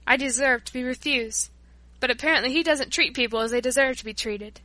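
A woman reading aloud gives voice to a humble, repentant workman and former drunkard, earnest and pleading. The voice sits fairly high and bright with a keen edge, recorded close and dry with no room sound. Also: brisk, dry recording. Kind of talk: audiobook narration.

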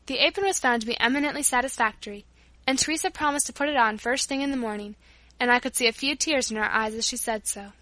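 A woman reading a chapter of a novel aloud in measured storytelling narration. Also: on the high side, pushed and bright, no room sound. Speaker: audiobook reader. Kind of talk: scripted narration.

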